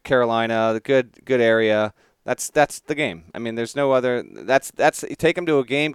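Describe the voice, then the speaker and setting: A playful American man co-hosting a sports podcast, stammering through restarts as he jokes. His voice is smooth and clear, at a middle pitch, close and dry on the mic. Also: dry recording. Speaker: podcast co-host. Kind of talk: casual podcast chat.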